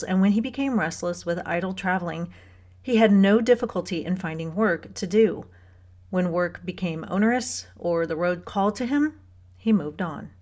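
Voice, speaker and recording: A woman narrates a novel for an audiobook, reading scripted text in a mid-range voice with an even, measured storytelling approach.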